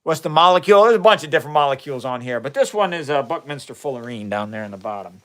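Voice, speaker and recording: A man's voice: mid-range voice, animated, very fast, fairly bright tone. A man with a Midwestern accent, hosting a casual science live stream from his chemistry lab. He rambles in a friendly way and answers viewers' chat comments, speaking into a phone camera. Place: home chemistry lab, indoors. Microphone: phone camera, flipped around during the stream.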